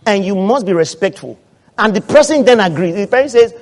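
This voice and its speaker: Male pastor, high-pitched, preaching with amen calls, swings between quiet and shouting. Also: expressive, a little fast. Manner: preaching loudly with call-and-response amens, swinging from soft to shouted; acts out quoted voices of husbands and wives. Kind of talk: sermon.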